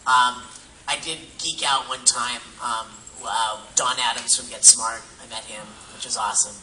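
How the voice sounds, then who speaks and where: A man on a convention panel, talking easily and a little haltingly about famous people he has met. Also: mid-range voice, steady tone, sharp tone, a little hiss or hum. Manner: easygoing, hesitant with fillers. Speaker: voice actor panelist. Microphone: phone in audience. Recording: echoey distant phone recording.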